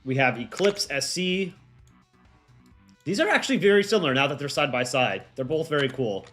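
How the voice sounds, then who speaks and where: A man's voice: a little high, animated, normal speed, a bit bright, soft background music. Rambling young man hosting a livestream. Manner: rambling, chatty, many fillers. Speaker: livestream host. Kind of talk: casual livestream chat.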